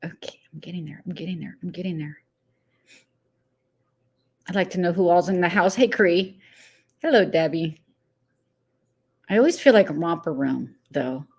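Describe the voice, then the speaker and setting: A woman's voice: on the low side, expressive, moderate pace, pauses often, a little mellow, breathy edge. A woman hosting a casual live stream, chatting loosely, laughing easily and greeting viewers one by one by name. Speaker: livestream host.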